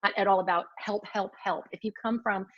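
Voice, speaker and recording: A woman's voice: mid-range voice, fairly even intonation, fairly quick, fairly bright tone, no echo, muffled recording. A woman co-creator of a web series, earnestly sharing her crowdfunding experience.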